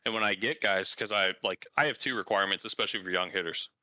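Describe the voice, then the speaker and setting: A man's voice: lowish voice, quick pace, dry recording. A man hosting a casual interview, telling stories with lots of "like" fillers. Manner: animated storyteller, frequent "like" fillers. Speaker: podcast host and baseball coach.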